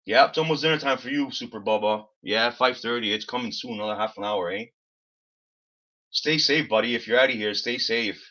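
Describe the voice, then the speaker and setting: A man's voice: mid-range voice, brisk, bright, forceful tone. Rambling man on a live stream. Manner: rambling, exasperated storytelling, swears freely. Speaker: livestream host. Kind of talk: casual live-stream chat. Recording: slightly dull lo-fi stream audio.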